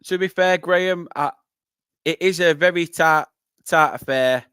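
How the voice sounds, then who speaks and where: A young northern English man hosting a live football watchalong, chatting with viewers and breaking into excited play-by-play. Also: a little high, measured pace, clear, resonant tone, no room sound, studio quality. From northern England. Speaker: fan channel host.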